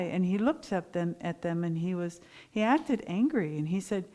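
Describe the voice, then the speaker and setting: A middle-aged woman giving a Sunday sermon, telling a story in a lively, animated way. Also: deep voice, a little fast, gravelly, hardly any pauses. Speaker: minister giving a Sunday talk.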